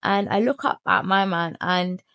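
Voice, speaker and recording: A woman in her thirties, bluntly retelling her own story in a storytime vlog, swearing freely and animated. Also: fairly low pitch, measured pace, no room sound. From United Kingdom. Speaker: vlogger.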